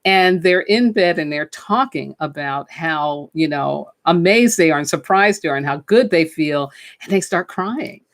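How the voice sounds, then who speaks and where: A woman's voice: low voice, lively intonation, measured pace. A woman hosting a spiritual talk show, chatting casually and enthusiastically about films, with frequent fillers. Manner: enthusiastic, chatty, with many fillers and "you know". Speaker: podcast host and spiritual teacher. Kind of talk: casual spoken film commentary.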